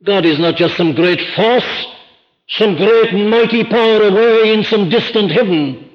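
A man preaching a sermon, emphatic and rhetorical, slowing down to stress key words. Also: high voice, long reverb tail. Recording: dull lo-fi archive recording.

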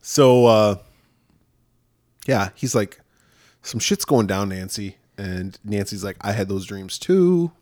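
Animated, profane man with a podcast co-host's chatter. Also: on the low side, dry recording, studio quality. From New York. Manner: profane, animated retelling with quick voiced asides. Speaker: podcast co-host. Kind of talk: casual film-discussion chat.

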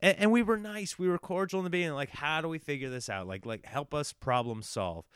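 A young man casually telling a story, lively and acting out the dialogue, with lots of fillers and restarts. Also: on the high side, fairly quick, clear, resonant tone, dry recording, clean studio sound. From small-town United States. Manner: animated, acts out quoted dialogue, frequent fillers and restarts.

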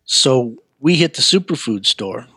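A man's voice: mid-range voice, unhurried, slightly rough, no echo. Man telling a story in a dry room. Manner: animated, laid-back street talk. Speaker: interview guest. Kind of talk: casual storytelling.

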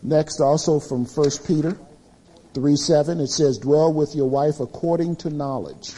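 A middle-aged man preaching to a room of men, with a fairly high voice that has a soft husky edge. His tone is mellow, and he tells stories about himself in a lively, confessional way. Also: unhurried. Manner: animated, confessional storytelling. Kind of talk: sermon to men.

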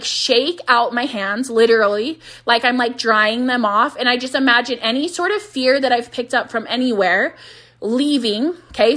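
A woman's voice: on the high side, bright, forceful tone. A woman in her thirties hosting her own podcast from home, giving candid, casual business advice, laughing easily and often saying "like", her voice starting to wear thin. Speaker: podcast host and business coach.

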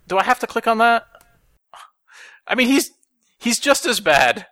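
A man's voice: extremely high pitch, very animated, sharp tone, dry recording. A man co-hosting a podcast in casual chat, wry and joking. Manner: wry, joking, quick asides. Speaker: podcast co-host.

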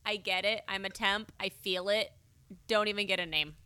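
A woman's voice: medium pitch, moderate pace, pushed and bright, smooth, no room sound. A young woman co-hosting a podcast, joking around and riffing on silly ideas. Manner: joking, riffs on silly bits. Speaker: podcast co-host. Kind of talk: casual chat.

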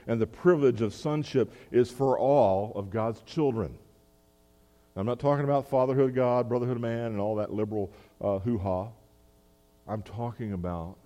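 A man's voice: mid-range voice, mellow, long reverb tail. A man preaching a sermon as pastor, talking in a conversational way with asides and restarts.

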